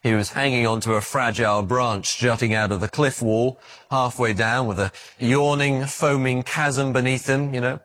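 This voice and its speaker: A man preaching a sermon, telling stories in an animated way, often stumbling and restarting his words. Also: medium pitch, moderate pace, few pauses. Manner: animated storytelling with stammered restarts.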